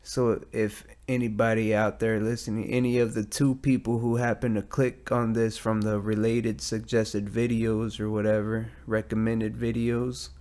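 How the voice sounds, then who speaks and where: Recording at night in a metal garage on a studio mic with headphones, this American podcast host runs a casual solo show. His fairly low, darkish voice comes out flat at a moderate pace with few pauses. The talk is profane, meandering, and self-deprecating.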